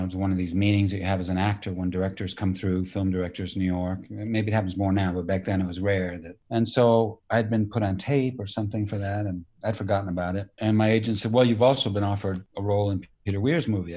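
Low-voiced man telling anecdotes. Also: darkish tone. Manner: storytelling, acts out quoted dialogue, mild profanity. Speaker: actor and director, guest. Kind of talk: relaxed anecdotal interview talk.

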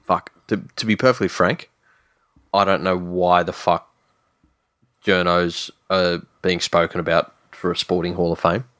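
Blunt aussie bloke, really deep voice, swears constantly, dry close mic. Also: male voice, level tone, measured pace, fairly bright tone, dry recording. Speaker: podcast co-host. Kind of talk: casual chat.

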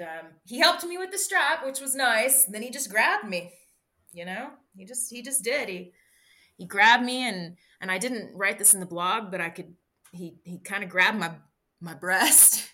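A woman guest in an interview, recounting a personal story in a halting, candid way with many restarts. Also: medium pitch, bright, forceful tone. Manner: halting, frequent restarts and fillers. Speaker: interview guest, bikepacking racer.

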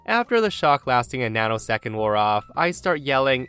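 Male host, medium pitch, chatty story reader, faint music bed. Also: sing-song, normal speed, few pauses, fairly bright tone, smooth. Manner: upbeat, chatty, often addresses listeners as guys. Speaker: podcast host and story narrator. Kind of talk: reading forum stories aloud.

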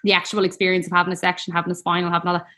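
A woman's voice: on the low side, monotone, rapid-fire, sharp tone. A woman telling a personal story in a casual, rambling, heartfelt way. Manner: chatty, rambling, heartfelt, peppered with "like".

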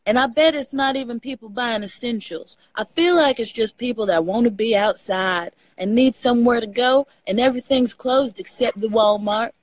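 A woman's voice: a little high, normal speed, few pauses, low-quality recording. A woman with a Texas accent, chatting casually on a video call and telling stories with the odd swear word. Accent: Texan. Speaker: guest. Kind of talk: casual chat over a live video call.

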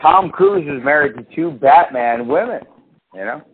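A man's voice: on the high side, normal speed, vocal fry. A man tells a rambling, profane story on a casual podcast and acts out the other people in it. His voice comes through thin and phone-like. A faint hiss sits under it. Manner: animated storyteller, swears a lot, acts out quotes. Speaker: podcast co-host.

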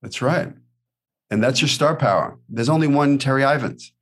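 A man's voice: medium pitch, normal speed. Male podcast host, upbeat coaching manner, motivational interviewer. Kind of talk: casual interview chat.

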